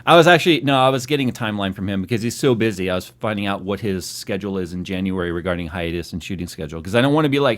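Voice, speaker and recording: A man's voice: deep voice, rapid-fire, few pauses. A man hosting a tech live stream, chatting casually and teasing his co-host. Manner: teasing, joking.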